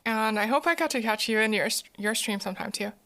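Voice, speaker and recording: A woman's voice: on the high side, fast, sharp tone. A woman streamer chatting casually with her viewers, giggling often and repeating words as she thinks. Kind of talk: casual live-stream chat.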